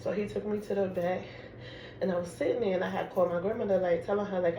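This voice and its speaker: New woman, casual storytime vlogger, animated and chatty, roomy echo, noisy background. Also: mid-range voice, quick pace, lo-fi sound. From Harlem, New York. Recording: echoey room with background noise.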